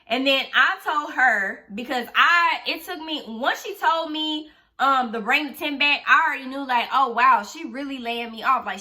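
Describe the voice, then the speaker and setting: A woman's voice: high-pitched, sharp tone. A young adult woman telling a storytime vlog in a casual rant, blunt, profane and sarcastic as she vents.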